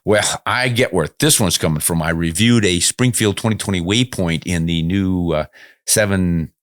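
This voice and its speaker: A man's voice: low-pitched, moderate pace, no room sound, clean studio sound. An older man hosting a podcast, answering viewer comments in a casual, good-humored, self-deprecating way. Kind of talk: casual chat.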